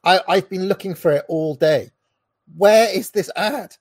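Male commentator, blunt and scornful reaction ranting, higher-pitched, dry mic. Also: measured pace, a little mellow, no echo. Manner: blunt, mocking, combative. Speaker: political commentator reacting to a clip.

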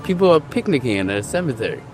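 A man's voice: medium pitch, sing-song, fast talker, soft background music. A man from London with an American accent, answering questions bluntly and cursing freely in a casual street interview outdoors. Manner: blunt, curse-laden, emphatic.

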